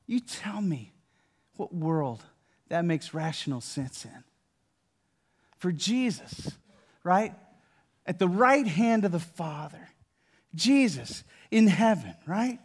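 Speaking slowly in a high, slightly rough voice and pausing often, an older pastor preaches in a conversational style. Words get repeated and restarted; some key lines are hushed, others loud and animated.

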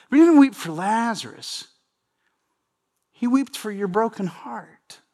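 A pastor preaches a sermon conversationally, often repeating phrases and addressing the congregation directly. His voice is high-pitched with a darkish tone.

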